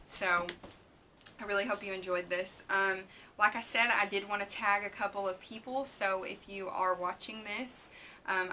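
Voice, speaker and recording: Woman, slow, earnest, ums and restarts, audible background noise. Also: medium pitch. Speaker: vlogger mom. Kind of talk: casual heartfelt vlog talk.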